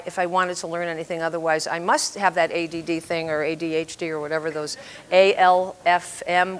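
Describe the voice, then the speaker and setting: Her pitch fairly low, this septuagenarian woman delivers a lively storytelling talk about writing, breaking into laughter at her own tales as she impersonates the people in them.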